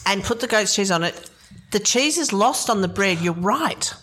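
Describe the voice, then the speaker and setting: A woman co-hosting a podcast, chatting casually through a wine and cheese tasting, animated and blunt, laughing often. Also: medium pitch, moderate pace, a little hiss or hum. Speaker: podcast co-host.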